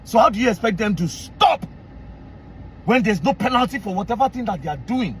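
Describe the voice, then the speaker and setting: A man with a Nigerian accent rants as a commentary host in a high, swooping voice. He is indignant and repetitive, and he bursts into shouting. Faint noise sits underneath. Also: fairly quick. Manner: animated, indignant, repeats phrases, bursts into shouting. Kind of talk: heated commentary rant.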